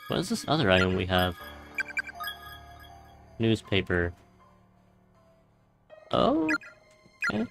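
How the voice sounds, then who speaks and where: A man casually commenting on a horror game as he plays, reading the on-screen text aloud and tossing out exasperated, sarcastic asides. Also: low-pitched. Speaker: let's play gamer.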